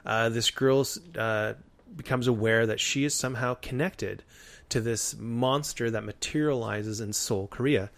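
A man co-hosting a podcast who talks in a measured, casual way, often pausing with "um" and "uh". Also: mid-range voice, fairly bright tone. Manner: measured, with frequent "um" and "uh". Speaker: podcast co-host. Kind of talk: casual chat.

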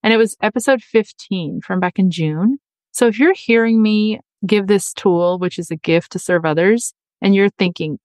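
Earnest chatty woman hosting a podcast, mid pitch, dry close mic. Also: normal speed, darkish tone, no echo. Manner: earnest and chatty, acts out quoted voices. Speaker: podcast host. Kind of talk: casual advice podcast monologue.

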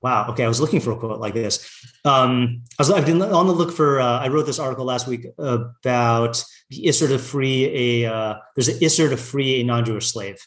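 A man's voice: mid-range voice, fairly quick, fairly bright tone. Man teaching in an echoey room. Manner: conversational, frequent fillers like "like" and "you know"; reads Hebrew passages aloud and translates them. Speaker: Torah class teacher. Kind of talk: casual Torah lesson.

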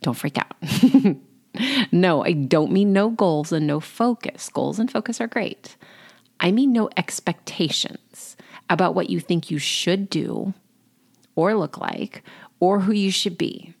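A woman's voice: fairly low pitch, expressive, slow, vocal fry, a little mellow. A woman life coach talking through a solo podcast episode in an encouraging, conversational way, with casual fillers.

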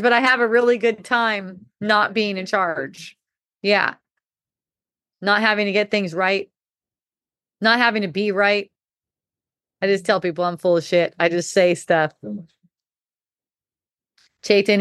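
A woman's voice: mid-range voice, steady tone, measured pace, pauses often, fairly bright tone, dry recording. Candid, laughing woman with a dry sound. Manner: candid, laughing often, swears casually; rambling with restarts. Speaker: podcast host. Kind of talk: casual spiritual talk.

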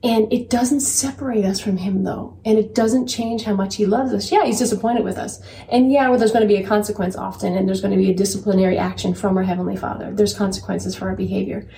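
A woman's voice: mid-range voice, fairly even intonation, fast, gravelly, hardly any pauses, warm tone. A woman in her thirties talking earnestly about faith and parenting and telling a personal story, repeating phrases for emphasis. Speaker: podcast co-host. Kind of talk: faith-based parenting chat. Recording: roomy, distant mic, faint background noise.

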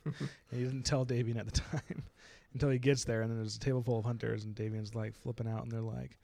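A young man co-hosting a casual book-discussion podcast, recapping chapters in a chatty, animated way with frequent laughs. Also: medium pitch, fast talker, vocal fry, no echo. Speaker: podcast co-host.

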